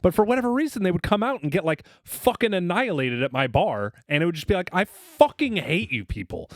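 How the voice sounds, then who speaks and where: A man's voice: high voice, lively intonation, quick pace, no echo, clean studio sound. A man co-hosting a podcast, ranting crudely with exaggerated mock anger. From Boston area, US. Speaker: podcast co-host. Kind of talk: profane comedic rant.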